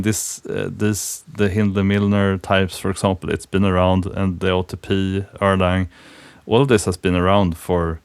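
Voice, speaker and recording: A man's voice: low voice, no room sound. A man hosting a programming podcast, talking in a thoughtful, hesitant way with many fillers and restarts. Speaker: podcast host. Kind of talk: casual technical conversation.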